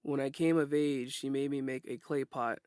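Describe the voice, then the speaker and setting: Guy reading a first-person audiobook, steady and plain, mid pitch, dry audio. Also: moderate pace, clear, resonant tone, no room sound. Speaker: narrator.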